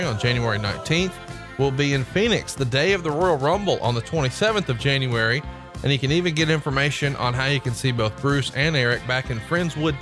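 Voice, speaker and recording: A man co-hosting a podcast, upbeat and promotional, often tacking "man" onto his sentences. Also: mid-range voice. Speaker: podcast co-host. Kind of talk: casual podcast chat with ad reads.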